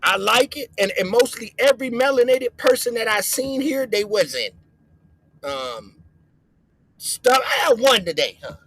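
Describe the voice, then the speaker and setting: A man from the US West Coast with a very high, husky voice, hosting a loose reaction stream. He talks in slang, rambles and repeats himself. The sound is dry and close, with no room around it. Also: lively intonation, measured pace, a bit bright, dry recording, poor audio. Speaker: livestream host.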